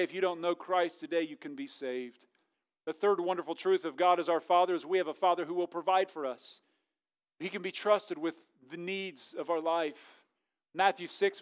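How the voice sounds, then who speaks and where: Middle-aged male pastor with a high, light voice, preaching a lively, joking sermon in church. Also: clear, resonant tone. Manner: jokey, animated, swings from loud to hushed. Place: church sanctuary.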